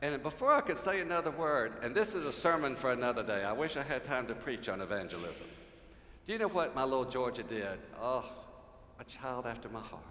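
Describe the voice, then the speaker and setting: Older pastor, storytelling sermon, voice rising and dropping, hall reverb. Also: male voice, medium pitch, expressive, a little fast. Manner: storytelling, swings from loud to hushed. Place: large church sanctuary. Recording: echoey hall, faint ambience.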